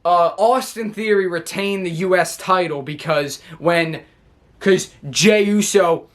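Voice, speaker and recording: A man's voice: high voice, takes it slowly. A man hosting a casual vlog, reviewing a wrestling show in a rambling way as he talks his way through each event.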